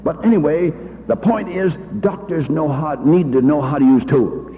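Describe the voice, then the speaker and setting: An older man spins homespun anecdotes in a gravelly, fairly high voice. The old reel-to-reel tape sounds thin and phone-like, with a long hall echo behind him. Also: normal speed, a little hiss or hum. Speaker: church education leader. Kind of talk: folksy storytelling talk.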